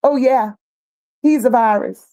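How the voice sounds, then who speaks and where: High-voiced, slow-talking woman host. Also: warm tone. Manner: blunt and sassy, repeats phrases for emphasis. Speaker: livestream host. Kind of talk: casual commentary reading viewer chat.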